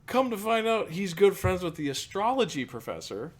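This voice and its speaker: A man's voice: sits high, very animated, normal speed. A young man co-hosting a podcast, chatting in an easygoing way about his college days and laughing along. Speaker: podcast co-host. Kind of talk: casual chat.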